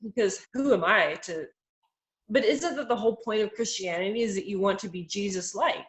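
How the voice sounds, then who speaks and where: Woman of middle pitch sharing questions in a study group, searching for words, recorded in an echoey room. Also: moderate pace. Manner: rambling and searching, heavy use of "like" and "um". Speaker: Bible study participant. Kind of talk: casual group discussion.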